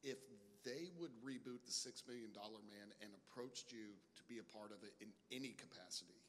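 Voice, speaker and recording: A man's voice: on the low side, a little fast, a bit bright. A man in the audience politely putting a question to a panel guest. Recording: distant voice in an echoey hall with faint noise.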